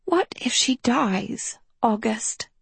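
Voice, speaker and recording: A woman voicing a prim, anxious, good-hearted female fairy professor who talks in a soft, fretful way. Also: fairly high pitch, animated, slow, husky, no echo, pitched above the performer's own voice, full character voice. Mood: worried.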